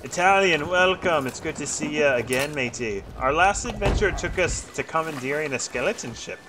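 A man with a high, animated voice runs his crew through a pirate game, laughing as he barks orders in mock pirate talk. Clear game noise sits under his headset voice. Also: moderate pace. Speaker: streamer and ship captain. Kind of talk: casual gameplay commentary. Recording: loud game sounds behind.

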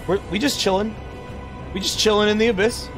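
High-voiced excitable young man streaming games. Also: fairly quick, over music. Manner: excitable, rambling and profane; exclaims loudly at game events. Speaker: game streamer. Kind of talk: casual live-stream commentary.

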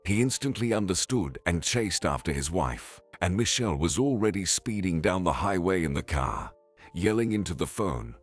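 A man's voice: sits low, big pitch swings, normal speed, breathy edge, soft background music. A man narrating a scripted drama story in a dramatic storytelling manner.

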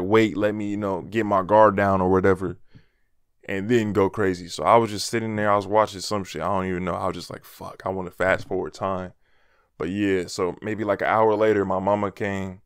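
A young male vlogger tells a story from his own life in a casual style, full of slang and swearing and chuckling at himself. His fairly low voice is smooth and clear. The recording is dry and close, with no room sound or echo.

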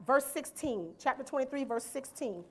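A woman's voice: high voice, expressive, normal speed, breathy edge. A woman preaching a sermon in a church, reading scripture verse by verse and asking the congregation rhetorical questions and "amen?". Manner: rhetorical questions and call-and-response, asks "amen?"; reads scripture aloud and explains it verse by verse.

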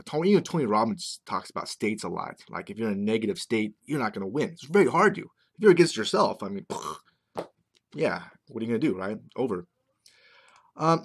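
The man's voice is fairly low and slightly rough. Speaking to camera as a marketing vlogger, he rambles along in a loose, conversational monologue, checking in with "right?" again and again.

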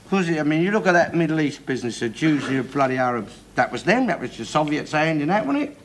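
A blustering bigoted dad. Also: male voice, fairly high pitch, sing-song, fast talker. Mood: ranting. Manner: blustering, loud, swearing tirades. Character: bigoted middle-aged working-class London father, ranting. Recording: noisy old TV sitcom soundtrack.

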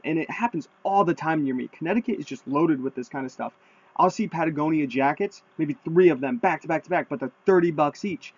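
A man casually showing off his thrift haul to viewers, chatty and excited, in a room at home. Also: on the high side. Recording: dull lo-fi sound.

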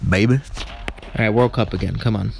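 A man's voice: lowish voice, normal speed, vocal fry, noisy background. A man giving goofy, rambling commentary on a mobile racing game at home, cheering at the screen and joking between races. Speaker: mobile game let's-player. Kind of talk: casual live gameplay commentary. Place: at home with barking dogs.

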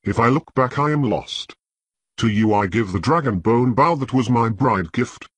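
A man voicing a resolute young queen, speaking in solemn, measured declarations with a husky, lively delivery. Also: mid-range voice, dry recording.

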